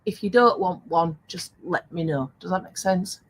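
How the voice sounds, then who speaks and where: A woman's voice: on the low side, normal speed, slight background noise, rough recording. An older woman hosting a casual live stream, chatty and laughing often as she reads out viewer comments. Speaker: live stream host selling craft supplies.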